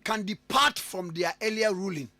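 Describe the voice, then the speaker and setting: A man hosting a radio talk show, switching between English and Twi and pressing his guest with lively, stumbling questions. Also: high-pitched, normal speed, no room sound. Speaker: radio host.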